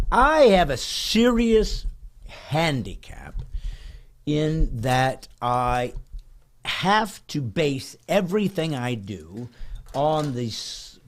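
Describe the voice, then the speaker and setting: Lively male podcast host. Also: medium pitch, vocal fry. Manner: animated, chatty, self-correcting. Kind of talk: casual podcast chat.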